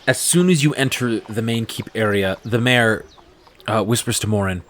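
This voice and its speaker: A man narrating as game master in a relaxed way, with many fillers. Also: fairly low pitch, moderate pace.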